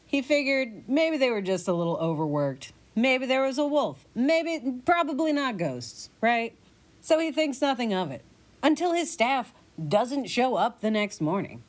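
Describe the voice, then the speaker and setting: A woman narrating a choose-your-own-adventure story in the second person, playful and animated. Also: on the low side. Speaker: podcast narrator.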